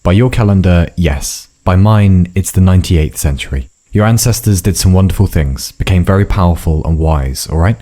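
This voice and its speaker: A man voicing a gruff, secretive, hard-drinking old woman who talks in a dry, curt, mumbling way. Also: deep voice, normal speed, few pauses, mellow. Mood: dry, offhand.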